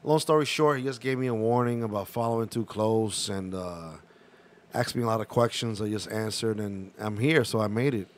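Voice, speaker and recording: A man's voice: on the low side, normal speed. A man co-hosting a casual chat show, telling a story and acting out the voices of the people in it. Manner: animated, acts out quoted voices. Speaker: podcast co-host.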